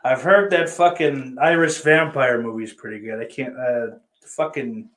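Young male streamer, casual and foul-mouthed, rambles while teasing his chat; average pitch. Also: fairly even intonation, normal speed, a bit bright. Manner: profane, rambling, teasing viewers. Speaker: livestream host reading chat.

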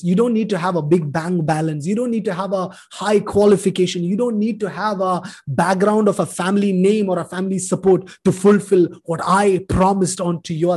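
Brief: man in his 30s from India, emotional personal testimony, voice sits a little high. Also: mellow, slightly rough. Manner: emotional storytelling, acts out dialogue. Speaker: speaker sharing testimony.

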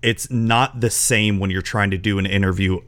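A podcast host from Florida, US, with a lowish, slightly bright voice and fairly even intonation, speaks at normal speed. He chats casually through an interview, rambling with many restarts and lots of fillers.

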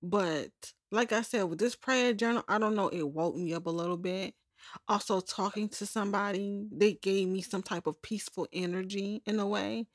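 In this studio-quality clip with no echo, a young woman talks through her personal podcast like a journal entry, candid and meandering, often correcting herself. She speaks at a normal speed in a medium-pitched, steady voice.

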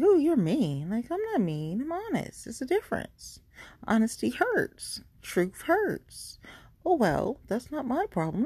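Blunt, profane podcast woman, husky. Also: medium pitch, mellow, no room sound. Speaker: podcast host. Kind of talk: casual ranting monologue.

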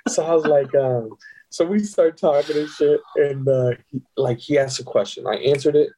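A man's voice: on the high side, normal speed, slightly rough, low-quality recording. A middle-aged man telling a casual, profane story and acting out the people in it. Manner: animated, profane, acts out quoted voices. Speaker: guest.

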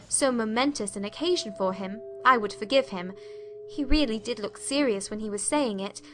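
A woman narrates a period story as a heartfelt letter. Her reading is emotive and confiding. Her voice is high and bright. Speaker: audiobook narrator.

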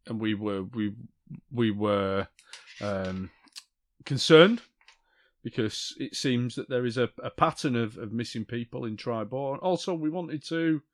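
A man speaking in character as a tabletop player, halting and full of restarts. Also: mid-range voice.

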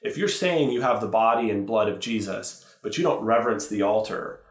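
A man's voice: fairly low pitch, lively intonation, a little fast. A male priest and teacher speaking earnestly in a podcast interview, often correcting himself as he goes. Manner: thoughtful, earnest, with self-corrections. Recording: roomy echo.

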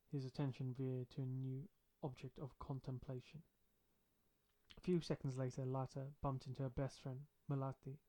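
Male audiobook narrator, measured and plain, occasional word restarts. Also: mid-range voice, darkish tone.

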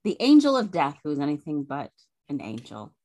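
A woman's voice: low-pitched, wildly swooping pitch, a little fast, warm tone, no echo. A woman co-hosting a podcast in casual chat, chatty with many fillers and frequent laughter. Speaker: podcast co-host.

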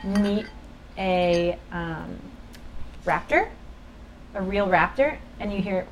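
An animated woman telling stories in loose podcast banter, peppered with swearing and fillers. Her pitch sits in a middle range. A faint hiss sits under the recording. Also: a little slow, long pauses, low-quality recording. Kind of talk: casual chat.

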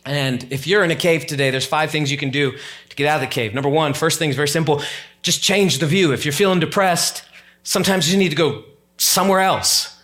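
A man delivering a sermon from the pulpit in a voice pitched a little high. He talks to the congregation in a casual, conversational way. At times he climbs into emphatic, heightened stretches of preaching. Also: fairly quick, fairly bright tone. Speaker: pastor.

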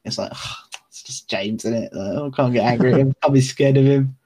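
A man's voice: medium pitch, a little fast, dark tone, breathy edge. Rambling man chatting casually. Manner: rambling, enthusiastic, slangy. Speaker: podcast co-host. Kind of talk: casual chat.

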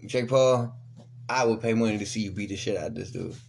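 A man's voice: lowish voice, brisk, creaky, a little mellow, a little hiss or hum. A man co-hosting a podcast, swearing and blustering through jokey banter. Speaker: podcast co-host. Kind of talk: crude comedic banter.

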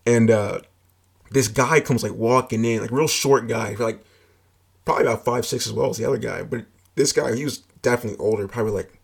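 A man's voice: medium pitch, brisk, creaky, slightly rough. A man telling a personal story in a casual, rambling way, full of filler words and swearing.

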